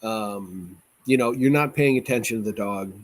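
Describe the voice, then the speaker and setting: A man's voice: lowish voice, moderate pace. Man, podcast host, casual chat, opinionated, jokey, stop-and-start phrasing. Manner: opinionated, joking, often restarts sentences.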